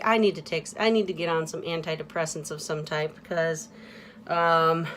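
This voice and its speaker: A woman vlogs a casual confessional monologue, speaking candidly and haltingly with many fillers and restarts, often trailing off quietly. Her voice is mid-range, with slight background noise.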